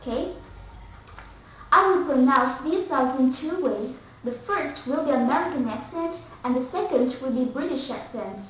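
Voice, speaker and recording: A Vietnamese woman with a Vietnamese accent teaches English pronunciation, carefully repeating example words in a high, animated voice at a moderate pace. The recording is echoey and distant with a dull mic and a slight hiss or hum.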